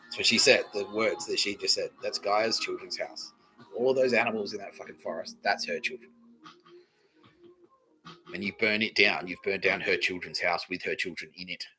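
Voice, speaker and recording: A man's voice: low voice, normal speed, pushed and bright, soft background music, poor audio. A man hosting a comedy podcast livestream, rambling, swearing freely and often breaking into laughter. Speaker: podcast host.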